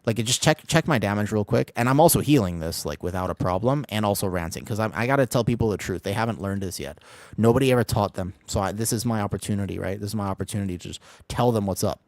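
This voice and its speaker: A man streaming an online game as a healer, rambling excitably through casual commentary, swearing freely and laughing often. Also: lowish voice, fast talker, no room sound, studio quality. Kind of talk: casual live gameplay commentary.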